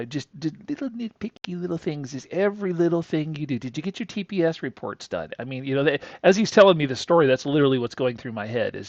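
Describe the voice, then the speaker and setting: Male host, casual rambling monologue, gravelly, dry slightly muffled sound. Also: mid-range voice, no echo. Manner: rambling, folksy, chuckling asides. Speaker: crypto analysis channel host.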